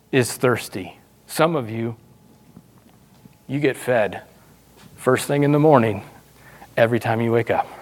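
A man preaching a sermon as pastor, animated and conversational, acting out quoted voices. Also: medium pitch.

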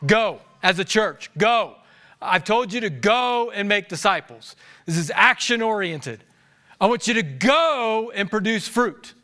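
High, bright-voiced male pastor preaching. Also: measured pace. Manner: animated storytelling, swinging from hushed to shouting; laughs at his own stories. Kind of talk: sermon. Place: church service before a congregation.

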